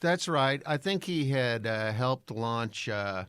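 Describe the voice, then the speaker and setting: A man who works in voice-overs, co-hosting a casual podcast in an easygoing, halting way with many pauses. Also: medium pitch, expressive, fairly bright tone, clear, resonant tone, no room sound, studio quality. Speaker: podcast co-host, voice-over artist. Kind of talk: casual conversational podcast chat.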